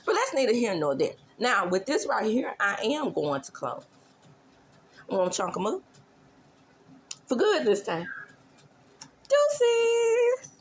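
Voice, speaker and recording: A woman's voice: mid-range voice, big pitch swings, normal speed, a bit bright, slight background noise. A woman hosting a casual gossip show with a sassy, drawling manner, teasing and mimicking as she talks. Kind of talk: casual celebrity gossip commentary.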